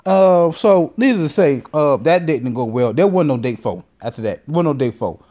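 A man hosting a podcast, telling a comic story in an animated, profane way with many fillers. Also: medium pitch, a little fast. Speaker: podcast host. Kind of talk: comedic storytelling monologue.

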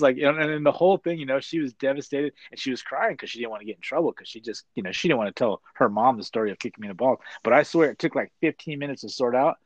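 A middle-aged man in casual chat, an animated storyteller who says "dude" a lot. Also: mid-range voice, fast talker, few pauses, no echo, dull audio. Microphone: video call.

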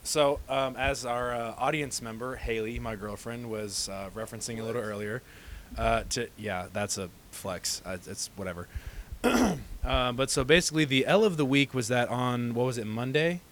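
Young male co-host, mid-pitched everyday voice, rambling storyteller with lots of "uh"s. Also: moderate pace, a bit bright, slight background noise. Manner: rambling, many "uh"s while telling a long story. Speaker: podcast co-host. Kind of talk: casual podcast chat.

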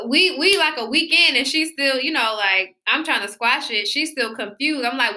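Woman on a podcast, real bright voice, a bit high, animated storyteller, cusses a lot. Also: normal speed, hardly any pauses. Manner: animated storytelling, swears freely. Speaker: podcast co-host. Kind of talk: casual chat.

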